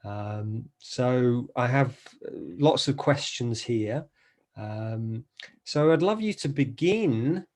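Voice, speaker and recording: A man's voice: mid-range voice, darkish tone. A man hosting a podcast who asks his questions hesitantly and with filler "um"s. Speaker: podcast host. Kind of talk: interview questions.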